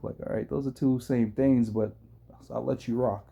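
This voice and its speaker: A man's voice: mid-range voice, fairly even intonation, normal speed, creaky, warm tone. A man hosting a stream, reacting sarcastically to a video. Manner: sarcastic, interjecting. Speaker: streamer host.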